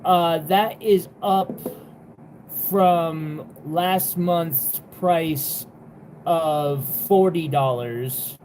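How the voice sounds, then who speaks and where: There's a little hiss or hum as a young adult jewelry seller hosts a live sale, speaking extremely slowly in a medium-pitched, darkish voice. The casual stream chat meanders in an exasperated way, full of fillers with an occasional curse.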